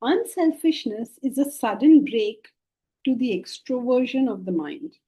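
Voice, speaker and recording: A middle-aged woman teaching spiritual philosophy to a class, lively and often questioning her listeners. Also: a little high, measured pace, husky, poor audio. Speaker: Vedanta teacher. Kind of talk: spiritual lecture.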